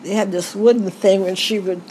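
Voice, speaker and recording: Older woman interviewee, halting rambling reminiscence, faint background hiss. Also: medium pitch, fairly even intonation, a little mellow, low-quality recording. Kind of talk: family oral history recollection.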